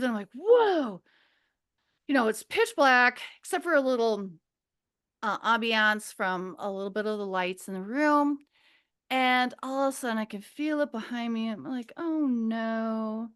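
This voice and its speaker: A middle-aged woman from Minnesota talks as a podcast guest, her voice sitting high. She tells her story in a loose, rambling way, hunting for words and acting out what people said. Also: clear, resonant tone. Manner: rambling, animated, searches for words, acts out quotes. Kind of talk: casual storytelling.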